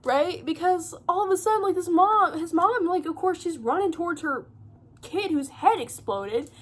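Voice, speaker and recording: A woman's voice: very high-pitched, moderate pace. A young woman at home giving a rambling, profane, casual book recap full of fillers and laughter. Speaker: booktuber.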